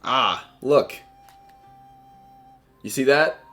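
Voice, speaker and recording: A man's voice: medium pitch, extremely slow, fairly bright tone, soft background music. A man giving let's play commentary over a game, joking and mocking its old-fashioned dialogue. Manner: jokey, mocks the game's old-fashioned dialogue. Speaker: game streamer.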